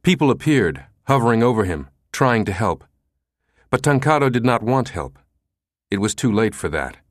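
A man reading a novel aloud as an audiobook narrator, expressive and shifting his voice for each character. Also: medium pitch, moderate pace, no echo, clean studio sound.

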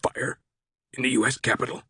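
A man's voice: medium pitch, level tone, a little fast, pushed and bright, slightly rough, dry recording, studio quality, pitched above the performer's own voice. A man voicing a stern, skeptical woman security director who speaks with sarcasm and makes demands.

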